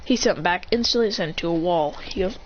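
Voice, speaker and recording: A woman excitedly improvising an action story, acting out attacks with shouts. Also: on the low side, a little fast. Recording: dull lo-fi with faint hiss.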